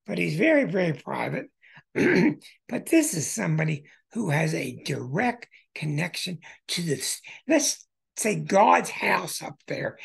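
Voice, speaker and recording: A man hosting an astrology show who walks through birth charts in an emphatic way, with bursts of excitement. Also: a little high, gravelly, slightly rough.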